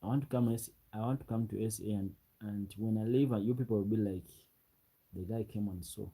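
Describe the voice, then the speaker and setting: Ugandan guy on a late night livestream, gravelly and husky, lots of chuckling at chat. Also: lowish voice, fairly even intonation, fast, mellow, poor audio. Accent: Ugandan English. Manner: chatty, laughing, reading out viewer comments. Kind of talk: late-night live stream chat with viewers. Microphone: ring light setup, webcam.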